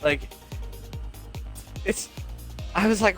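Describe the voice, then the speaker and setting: A man's voice: high-pitched, normal speed, long pauses, bright, forceful tone, faint music behind. A young man co-hosting a casual podcast, rambling through a work story with frequent swearing and laughter. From Italian family. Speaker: podcast co-host. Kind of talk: casual chat.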